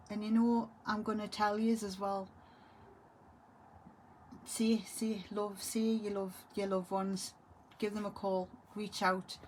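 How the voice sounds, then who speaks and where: A woman's voice: medium pitch, slight background noise. Grieving woman. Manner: halting, trailing off, repeating herself. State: grieving, tearful. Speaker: vlogger. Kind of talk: emotional monologue to camera.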